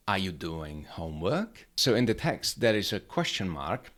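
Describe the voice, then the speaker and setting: A man teaching a grammar lesson, explaining upbeat and clearly, step by step. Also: low-pitched, very animated, moderate pace, a bit bright. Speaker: language teacher.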